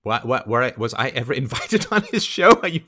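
A man's voice: mid-range voice, big pitch swings, brisk, sharp tone. A middle-aged man hosting a commentary show, ranting emphatically and mockingly with frequent swearing. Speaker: podcast host commenting on a clip.

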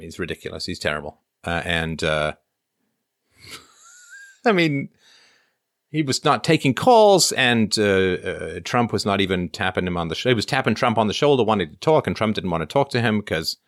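Speaking in a low, expressive voice at a moderate pace, this middle-aged man from Canada chats casually on a livestream, reading super chats aloud and answering viewers with plenty of ums and uhs. His tone is a bit bright, and the studio recording is clean and dry.

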